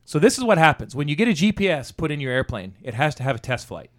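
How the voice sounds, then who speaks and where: A man's voice: a little high, quick pace. A man telling a profanity-laced story about an old job in casual conversation, acting out the dialogue. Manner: profane, animated anecdote-telling with quoted dialogue.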